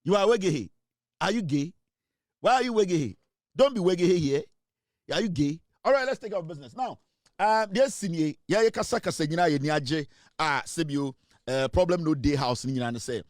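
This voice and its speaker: At a moderate pace, a Ghanaian-accented host with an expressive, highish voice gives a casual monologue on his online show. He switches between English and Twi and teases listeners with rhetorical questions over and over, in clean studio audio with no echo.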